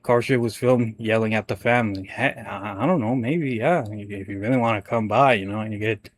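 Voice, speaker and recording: A man's voice: lowish voice, a little fast. A young man hosting casual reaction commentary, rambling and stammering as he chats. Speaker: commentary channel host.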